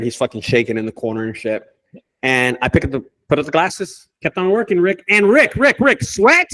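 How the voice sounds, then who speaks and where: The owner of a junk removal business tells stories on a casual group call, swearing heavily and delivering everything with animation. His voice is mid-range.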